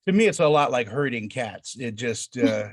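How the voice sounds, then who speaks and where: A man's voice: mid-range voice, animated, normal speed. A man hosting a celebrity interview, enthusiastic and stumbling over his words as he asks questions. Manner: enthusiastic, repeats words while searching for them. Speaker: interview host. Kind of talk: casual interview chat.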